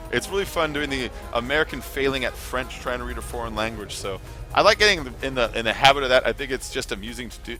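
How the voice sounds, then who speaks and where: Music plays behind a gaming livestreamer with a medium-pitched, sharp-toned voice. He chats casually on stream, rambling and occasionally swearing.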